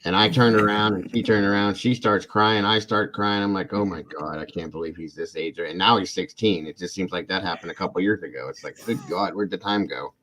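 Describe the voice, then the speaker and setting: Deep-voiced man telling rambling stories. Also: steady tone, fairly quick, hardly any pauses, a bit bright. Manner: rambling, self-deprecating storytelling. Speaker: channel host. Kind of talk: casual livestream chat.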